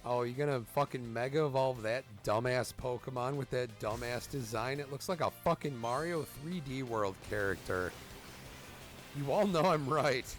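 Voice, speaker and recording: A man's voice: mid-range voice, moderate pace, faint music behind. A man in his thirties doing let's play commentary as a gaming streamer, cursing freely and ranting at the game. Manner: profane, ranting, trash-talks the game.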